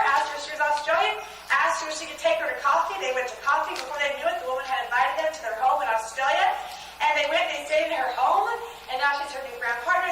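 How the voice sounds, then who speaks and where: A woman's voice: sits high, bright, forceful tone, slight background noise. A woman giving a chatty, enthusiastic motivational talk at a sales training event, speaking to a live audience. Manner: chatty and enthusiastic, with frequent restarts. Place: large meeting room with a live audience. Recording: echoey room recorded from a distance.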